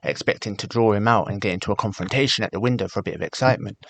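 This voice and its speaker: Hombre británico de voz grave y áspera. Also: male voice, fairly low pitch, very fast. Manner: candid, animated when recounting, acts out quoted voices. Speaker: podcast guest. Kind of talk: casual storytelling.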